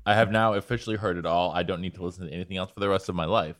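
A man's voice: low voice, fairly even intonation, very fast, fairly bright tone, no room sound, studio quality. A man hosting a casual sports podcast in a joking way. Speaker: podcast host.

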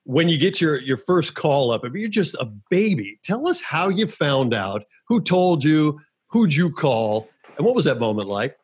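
A man hosting a sports show, asking a former player eager, quick questions and laughing easily. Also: fairly high pitch, very animated, breathy edge. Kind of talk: interviewing a guest.

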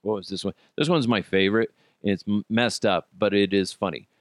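A man's voice: lowish voice, steady tone, a little fast, no echo, studio quality. A man from Colorado hosting a podcast, ranting in a casual, sarcastic and profane way and laughing at his own jokes. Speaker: podcast host.

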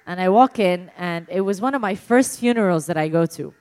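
A woman casually telling an embarrassing story in a chat, animated and laughing often as she talks. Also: on the low side, a little fast.

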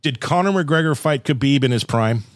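A man hosting a podcast in a casual chat, firing off quick questions in an upbeat way. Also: mid-range voice, expressive, no echo, clean studio sound. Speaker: podcast host.

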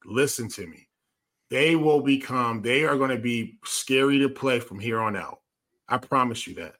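A man's voice: medium pitch, a bit bright. A man who once played pro football, co-hosting a casual sports talk show, speaking emphatically and repeating his points. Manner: emphatic, repeats himself, tells stories.

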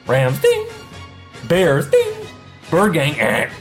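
A man's voice: medium pitch, moderate pace. A man co-hosts a loose sports podcast with a mid-range voice. He runs through results with showman hype, calling out "ding" for every correct pick. Faint music plays behind him. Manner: hypes announcements, sings out "ding" on picks. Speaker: podcast co-host. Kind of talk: casual sports podcast chat.

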